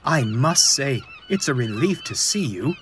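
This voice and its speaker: A man's voice: medium pitch, wildly swooping pitch, a little slow, fairly bright tone, slight background noise. A man voicing a weary, dependable older male engine in a storybook reading, with a stoic manner.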